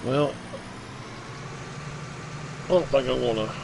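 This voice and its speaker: A man in his fifties giving casual, rambling commentary while playing a farming game, with halting restarts. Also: medium pitch, gravelly, background noise. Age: 50s. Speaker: let's play streamer.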